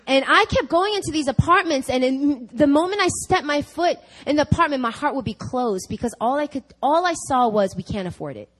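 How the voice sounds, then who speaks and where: A woman preaching a conversational sermon, telling a personal story with laughs and lively asides. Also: high voice, a little fast, few pauses, rough recording. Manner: animated, laughing, chatty with fillers. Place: church service.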